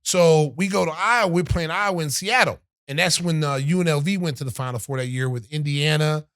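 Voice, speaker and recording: A smooth voice on the high side, fairly quick, comes from a middle-aged man hosting a podcast, captured in clean studio sound with no room tone. He tells a story casually and with animation, imitating what others said.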